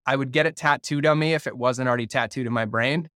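A man in his thirties with a mid-pitched voice hosts a podcast and speaks earnestly and reflectively. The sound is dry and close. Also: quick pace, sharp tone, clear, resonant tone, no echo. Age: 30s. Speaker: podcast host. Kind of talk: conversational podcast interview.

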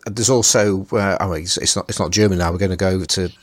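Male podcast host, low pitch, dry close mic, hesitant friendly chat. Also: steady tone, fast talker, dry recording. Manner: hesitant, stammering restarts, friendly.

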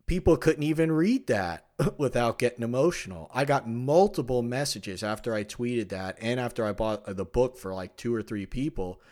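A man hosting a podcast, talking in a rambling, animated way, with many restarts. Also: medium pitch. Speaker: podcast host. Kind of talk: casual conversation.

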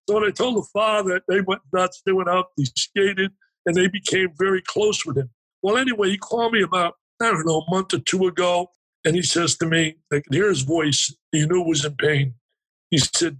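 Husky-voiced man telling an emotional story. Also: sits high, normal speed, low-quality recording. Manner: animated, emphatic, restarts and acts out dialogue. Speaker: guest, motivational speaker.

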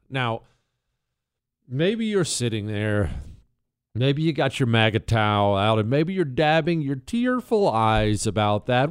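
A man's voice: mid-range voice, very animated, a little slow, clear, resonant tone, no room sound, studio quality. A man hosting a talk radio show, delivering an emphatic monologue full of rhetorical questions. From Texas.

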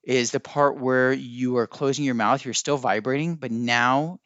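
A man with a mid-range, fairly bright voice and fairly even intonation hosts a podcast a little slowly, musing and looking things up as he rambles. The recording is muffled with no room sound.

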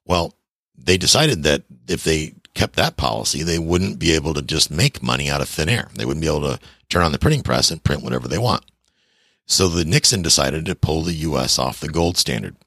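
A man with a gravelly voice, ranting to viewers about money in a blunt, sarcastic way with folksy slang. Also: very deep voice, lively intonation, a little fast, fairly bright tone, dry recording, clean studio sound. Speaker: veteran talking about money. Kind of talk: casual rant to viewers.

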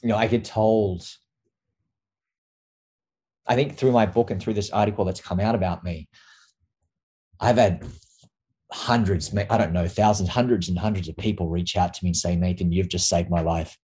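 A man from Australia with a very deep, husky, dark voice, emotional as he talks. He stumbles and restarts, swearing bluntly as he tries to say what he means. His tone stays mellow. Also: normal speed, long pauses. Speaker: guest. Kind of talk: candid interview talk.

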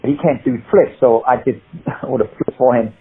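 A man in an interview, an animated storyteller who rambles through anecdotes over a tinny phone-like line. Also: medium pitch, moderate pace, husky. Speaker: guest, martial arts actor.

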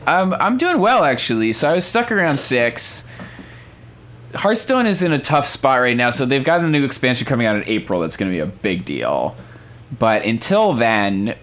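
A man's voice: fairly low pitch, fairly bright tone. A man hosting a radio show, chatting casually and rambling with lots of likes and ums.

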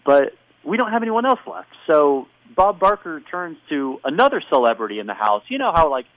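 Man, casual podcast chat, lively swooping pitch, dry close sound, dull lo-fi audio. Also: brisk, no echo. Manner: animated storytelling with playful impressions. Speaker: podcast co-host recapping wrestling.

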